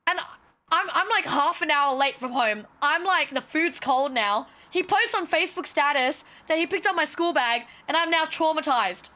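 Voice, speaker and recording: A woman's voice: high-pitched, expressive, normal speed, sharp tone. A young woman streamer telling a story casually on a livestream, swearing freely and acting out the quotes.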